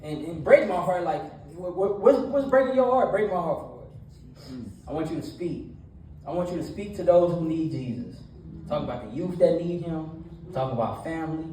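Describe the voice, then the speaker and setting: A man in his thirties preaching a casual, animated storytelling sermon that is full of laughs, with a nervous edge. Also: fairly high pitch, normal speed, slight background noise. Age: 30s. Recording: echoey room from a distance.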